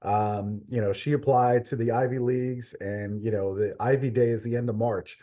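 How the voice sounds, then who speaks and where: A man's voice: mid-range voice, steady tone, normal speed, mellow. Reflective male host, dull lo-fi audio. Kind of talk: casual interview chat.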